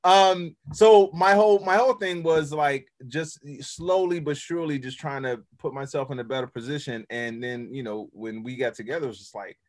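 A podcast host, a man whose voice sits a little above the usual male pitch. He talks in a loose, rambling way, often restarting his sentences and dropping into quieter, more reflective stretches. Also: normal speed, few pauses. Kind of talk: casual podcast chat. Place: Hollywood.

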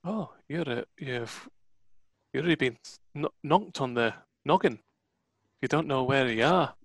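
A game master putting on a gruff warden of a frozen mountain outpost, speaking in a broad, put-on Scottish accent. The talk is brusque and teasing in a tabletop game, with a middling pitch and a dry, close sound. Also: animated, measured pace, no echo. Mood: blunt. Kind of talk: tabletop role-play narration.

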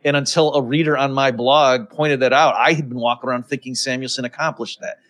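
Rambling, animated male podcast host. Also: medium pitch, brisk. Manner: animated, rambling, addresses listeners as folks. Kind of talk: casual chat.

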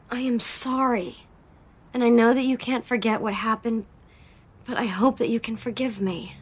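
Brief: actress playing a distraught TV drama woman, tearful, begging, slightly high voice. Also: slight background noise, natural voice. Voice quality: tearful, pleading, breathy near-whisper at times. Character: distraught woman pleading with her ex. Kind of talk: TV drama scene.

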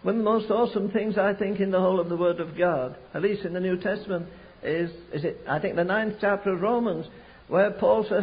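An older American man preaches a sermon in a high-pitched voice, speaking a little fast. He tells stories and builds to fervent emphasis, captured in dull lo-fi sound.

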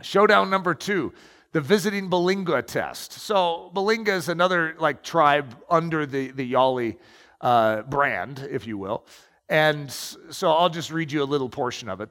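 A man's voice: fairly high pitch, expressive, normal speed, a bit bright. A man preaching and reading aloud from a book, emphatic and storytelling. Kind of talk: sermon with read-aloud passages. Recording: long echoing reverb.

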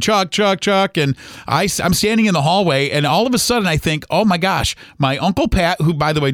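A man's voice: a little high, no room sound. Earnest man in his forties, dry sound. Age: 40s. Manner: earnest, halting, many fillers and restarts. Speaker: podcast host. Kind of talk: personal storytelling.

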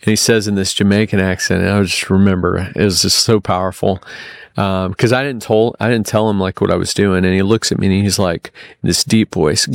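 A man's voice: lowish voice, clean tone, no room sound, studio quality. Rambling young man telling a story. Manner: rambling, lots of fillers and restarts. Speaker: guest. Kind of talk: casual storytelling.

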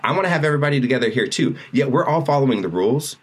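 A husky, medium-pitched man races through a story with few pauses while co-hosting a podcast. It's casual chat, and he animatedly plays out the other people's dialogue.

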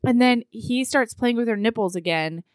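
A woman co-hosting a podcast, casually recapping a book in a playful, animated way. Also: a little high, moderate pace, no echo, clean studio sound. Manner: animated, laughs often, playful. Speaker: podcast co-host.

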